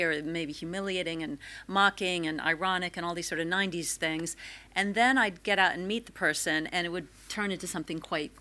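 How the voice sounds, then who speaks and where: An American woman, a former TV presenter, reflecting in a wry, playful way at a live Q&A, with frequent "um" and "uh" pauses. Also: lowish voice, sharp tone. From United States. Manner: wry, playful, with many 'um' and 'uh' pauses. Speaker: former TV presenter, panel guest. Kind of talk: reflective anecdotal talk at a live Q&A. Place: stage at a live film-institute Q&A event.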